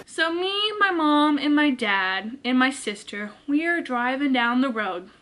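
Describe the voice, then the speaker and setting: A woman vlogger telling a story in a casual, animated way, with lots of filler words and swearing. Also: high-pitched, a little slow, slight background noise. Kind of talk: storytime vlog, casual retelling.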